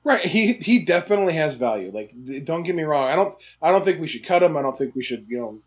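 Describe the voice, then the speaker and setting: A man's voice: fairly high pitch, big pitch swings, quick pace, muffled recording. A man co-hosting a sports podcast who talks earnestly with plenty of hesitant fillers. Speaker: podcast co-host. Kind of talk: casual chat.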